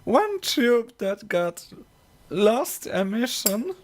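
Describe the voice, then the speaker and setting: A woman talks very slowly on her electronics live stream, with a gravelly edge to her voice. She halts often, restarts her sentences and fills the gaps with "uh". A tickly cough hangs over her voice. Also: a little high, big pitch swings. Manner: halting, many fillers and restarts, frequent laughs. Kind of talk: casual live-stream chat.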